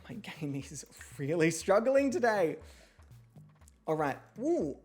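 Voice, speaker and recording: A woman hosting a livestream, chatting casually, swearing freely and poking fun at herself, with sudden loud excited outbursts. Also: on the low side, slow pace, soft background music. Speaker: streamer hosting an online reality show.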